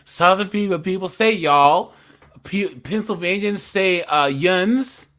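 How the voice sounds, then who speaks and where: A man from the US West Coast hosting a casual livestream chat. He talks in an animated way and gets loud when he tells stories. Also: high-pitched, normal speed. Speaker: livestream host.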